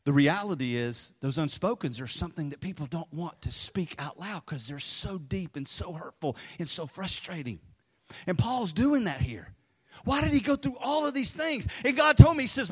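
A middle-aged pastor preaches a sermon in a church sanctuary, his voice high, bright, and husky at a moderate pace. He tells stories in a rambling, animated way, dropping low for asides, while a long reverb from the large hall trails each phrase.

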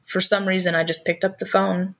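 A woman's voice: mid-range voice, level tone, fairly quick, fairly bright tone. A woman telling a personal family story in conversation, earnest and often repeating her first words as she goes.

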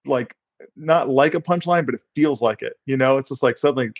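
A man's voice: medium pitch, brisk, no echo. A man co-hosting a casual fitness podcast who rambles through his stories and laughs at them. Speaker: podcast co-host. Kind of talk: casual chat. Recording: dry, dull lo-fi sound.

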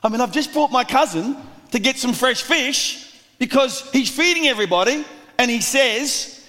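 Brief: male preacher, animated storyteller, high voice, long hall reverb. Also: moderate pace. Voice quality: lively, acts out voices of the crowd. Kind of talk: sermon.

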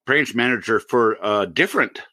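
A man co-hosting a podcast, chatting casually, laughing often and throwing in quick joking asides. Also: mid-range voice, animated, pushed and bright, no echo. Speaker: podcast co-host.

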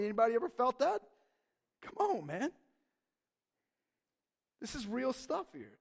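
A man's voice: very high-pitched, huge pitch swings, measured pace, vocal fry, pauses often, husky. A man preaching a sermon as a pastor, emphatic and conversational.

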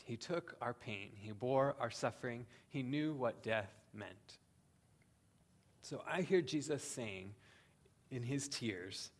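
A man's voice: mid-range voice, lively intonation. Earnest man preaching a sermon. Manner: earnest, with slow emphatic pauses and frequent "um". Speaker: pastor.

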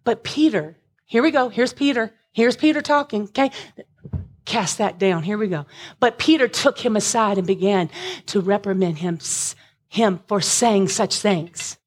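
A woman preaching a sermon, impassioned, at times rising to shouts with a breaking voice. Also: mid-range voice, unhurried, husky.

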